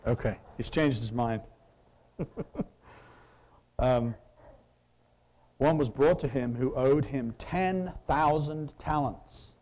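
A man's voice: medium pitch, slow, pauses often, darkish tone. A man preaching a conversational sermon, reading scripture and asking his listeners questions. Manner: conversational, asks the audience questions.

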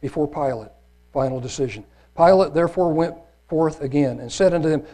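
A man's voice: fairly high pitch, fairly quick, darkish tone. Earnest male preacher reading scripture. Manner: earnest, grave delivery with some restarts.

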